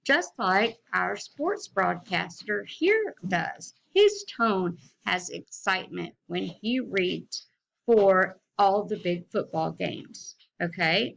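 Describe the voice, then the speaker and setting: Slow, gravelly-voiced teacher woman. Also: mid-range voice, a bit bright, rough recording. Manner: slow, deliberate teacher talk, reads aloud with rising and falling expression. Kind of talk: recorded reading lesson for children.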